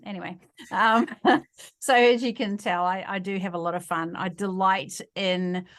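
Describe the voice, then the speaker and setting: Older New Zealand woman, playful guest, chatty with easy laughter, medium pitch. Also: fairly bright tone. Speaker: guest author. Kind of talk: casual interview chat.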